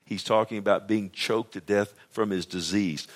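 A man with a lowish voice preaches a sermon in an easy conversational way. He reads lines of scripture and then puts them in his own words. His delivery swings between loud urgent pleading and low, hushed passages. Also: steady tone, normal speed.

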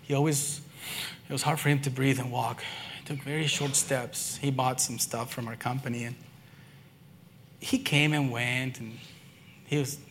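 Man, preacher, earnest testimony, shifts between soft and lively, faint background noise. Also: medium pitch, normal speed, pauses often. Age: adult, father and son-in-law. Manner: earnest storytelling, swinging between quiet and excited. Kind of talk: sermon testimony.

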